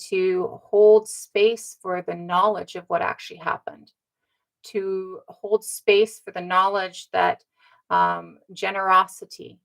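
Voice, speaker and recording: A woman's voice: on the low side, creaky, sharp tone, rough recording. A woman talking straight to her viewers in a casual monologue, earnest, with many ums and rhetorical "right?" tags. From Indigenous North America. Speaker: commentator. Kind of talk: casual direct-to-camera monologue.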